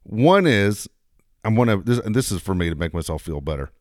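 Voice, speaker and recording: A man co-hosting sports radio, quick and chatty, egging his partner on. His voice is fairly low but lively, and the sound is dry and close, with no room in it. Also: no echo. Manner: quick, agreeable sidekick who eggs the host on. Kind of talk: casual sports talk radio banter. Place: radio studio.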